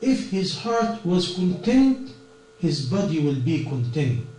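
High-voiced preacher in an echoey hall. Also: male voice, very animated, takes it slowly, mellow. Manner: earnest, non-native English with plain grammar slips. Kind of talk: sermon. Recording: echoey distant room recording with mains hum.

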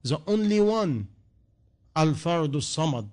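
A man's voice: a little high, expressive, measured pace, a little mellow. Earnest preaching man. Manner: earnest, repetitive rhetorical questions, non-native grammar. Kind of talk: sermon.

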